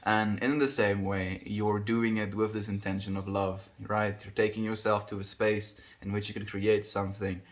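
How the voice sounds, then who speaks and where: A man with a lowish voice chats casually on a live stream, answering viewer comments one by one. He speaks warmly and earnestly, leans toward spiritual ideas, and keeps calling his viewers "my friend.". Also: flat delivery, normal speed, hardly any pauses. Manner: warm and earnest, with a spiritual bent and frequent "my friend". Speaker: livestreamer.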